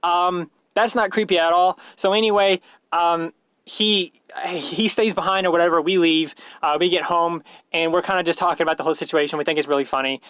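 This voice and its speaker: Rambling man with a high voice. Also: fairly even intonation, a little fast, a bit bright, smooth, no room sound. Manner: rambling, hesitant, many fillers and restarts; chuckling, self-mocking. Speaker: YouTuber telling a story. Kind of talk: casual rambling storytelling.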